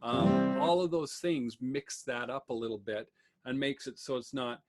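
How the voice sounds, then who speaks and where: A man casually explaining a bluegrass singing lesson, talking quickly with many ums over guitar. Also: mid-range voice, flat delivery. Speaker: music teacher. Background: guitar playing.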